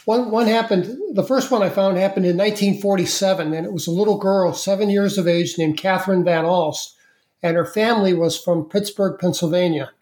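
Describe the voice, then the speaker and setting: An interview guest telling a story in a casual, halting way, with many fillers and repeated words. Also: mid-range voice, steady tone, a little mellow. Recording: echoey room.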